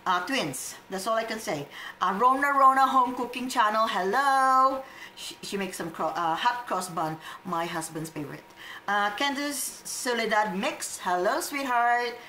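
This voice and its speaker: A woman with a Filipino accent from the Philippines, reading out casual shout-outs in a vlog, chatty and hesitant with many fillers. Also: fairly high pitch, animated, unhurried, roomy sound, a little hiss or hum, low-quality recording. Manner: chatty, hesitant, fillers and Tagalog code-switching. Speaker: vlogger.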